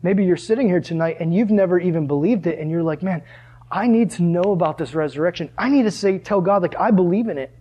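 A man preaching a sermon to a live audience in church, animated and often asking the crowd questions. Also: sits high, quick pace, breathy edge, highs cut off. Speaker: pastor.

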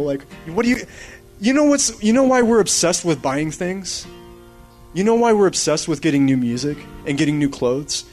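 A man in his thirties preaching a sermon in a casual, rambling, animated way. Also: high-pitched. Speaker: pastor. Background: soft guitar strumming.

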